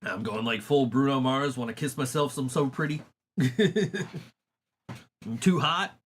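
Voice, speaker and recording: A man's voice: mid-range voice, unhurried. A man hosting a podcast in casual chat, swearing freely and laughing through his stories. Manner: profane, laughing storyteller. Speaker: podcast host.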